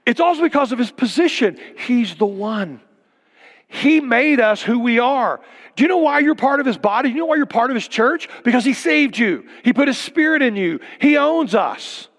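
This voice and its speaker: An older male pastor preaching with a fairly high voice, asking question after question and then sinking to a near-whisper for emphasis. His sermon rings out with a long reverb, as if recorded in a church sanctuary. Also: animated, moderate pace. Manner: emphatic preaching with rhetorical questions and sudden drops to a hush.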